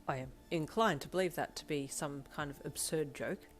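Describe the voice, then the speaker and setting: Brief: woman playing an earnest, proper young man in a fan audio drama, low voice, quiet backing music. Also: normal speed, natural voice. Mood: formal. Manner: stiff, proper, polite. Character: formal, earnest young male student.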